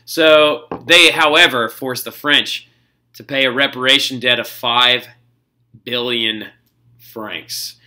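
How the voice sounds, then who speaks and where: Energetic, bright-voiced male history teacher. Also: mid-range voice. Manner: energetic, jokey, talks straight to students. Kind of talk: casual recorded classroom lecture.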